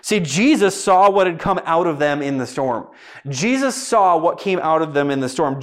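A man preaching a sermon, hammering points home through repetition and strings of rhetorical questions. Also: a little high. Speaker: pastor.

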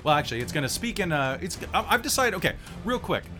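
A man's voice: a little high, very animated, fast talker, bright, forceful tone, soft background music. A man narrating a tabletop game as game master, chatty and full of fillers and self-corrections.

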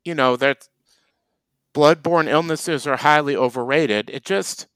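Mock-serious comedy host, slightly high voice. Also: male voice, measured pace, clean tone, dry recording. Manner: deadpan mock-serious rants. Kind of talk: comedic casual chat.

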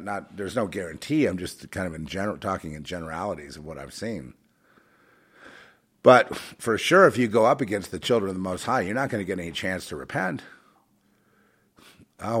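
A man delivers a rambling religious monologue, shifting between fervent outbursts and quiet, halting asides riddled with restarts and fillers. His low, husky voice keeps a conversational feel.

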